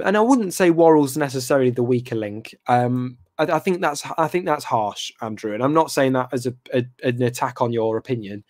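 Young male fan host, casual live-chat reaction, mid pitch, hesitant ums, dry close sound. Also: darkish tone, no room sound. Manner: rambling, hesitant, lots of ums and restarts; talks to viewers in the live chat by name.

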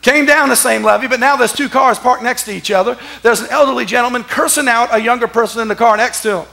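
A man, a pastor telling stories in a sermon, animated and laughing, sometimes breaking into shouts. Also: very high voice, quick pace, creaky. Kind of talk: sermon storytelling. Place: church.

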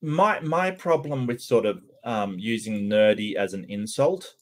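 A man's voice: lowish voice, animated, a little slow. A man casually commentating on a cartoon and answering his chat, stumbling over many repeated starts.

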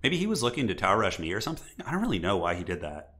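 A man with a hoarse voice from a cold, commentating his own live gameplay and chatting with viewers as he plays. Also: fairly low pitch, big pitch swings, very fast, a bit bright, faint music behind. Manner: chatty, thinking aloud, answering viewers. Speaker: game streamer.

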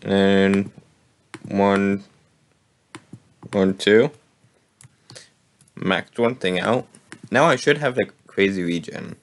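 A man hosting a gaming video, casually commenting on his play, his voice a bit hoarse. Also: on the low side, very slow, pauses often. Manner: relaxed, thinking aloud while playing. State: slightly hoarse.

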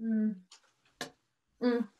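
A woman's voice: a little high, completely flat delivery, highs cut off. An actress playing a tipsy young woman from Georgia with a Southern accent, slurring and drawing out her words in a short drama. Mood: mocking. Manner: slow, slurred, drawn-out tipsy drawl. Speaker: actor. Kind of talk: amateur drama over video call.

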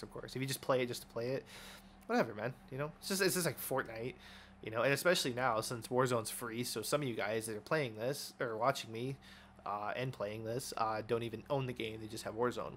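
A young man giving casual, excitable commentary over his own gameplay, swearing often and trash-talking opponents. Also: mid-range voice, a little hiss or hum. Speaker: gaming YouTuber.

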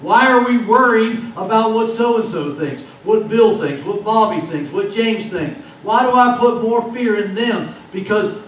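A man's voice: high-pitched, unhurried. A man preaching a sermon as pastor, in a folksy, repetitive preaching cadence. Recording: very echoey hall, distant mic, faint noise.

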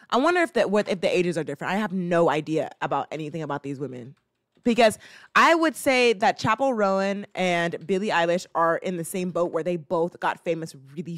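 A woman's voice: lowish voice, fairly bright tone. A woman hosting a casual reaction chat, rambling with plenty of fillers and restarts and acting out little scenes. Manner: playful, acts out little scenes. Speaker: host.

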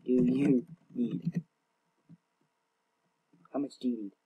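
A young man with a breathy, slightly husky voice talks his way through a game. His chatter is rambling and self-mocking, full of stumbles and restarts. His pitch sits in an ordinary middle range. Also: steady tone, takes it slowly, narrow, tinny audio. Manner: rambling, self-mocking, often tongue-tied. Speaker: gaming channel host. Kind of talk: casual gameplay commentary.

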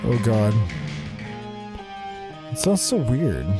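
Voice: mid-range voice, wildly swooping pitch, extremely slow, music in the background. A tired young adult host doing let's play commentary, flustered and exclaiming often while reading game dialogue aloud and reacting to the game. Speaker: gaming channel host.

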